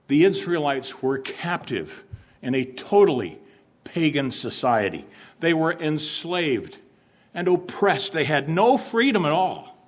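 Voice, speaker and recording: A pastor preaches a sermon in church, putting questions to the congregation and acting out stern warnings to make his point. His voice sits a little high.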